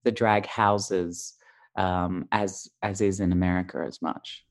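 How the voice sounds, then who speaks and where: A man's voice: sits low, level tone, slow. A man with an Australian accent, a guest in casual chat, talking in an articulate, playful way.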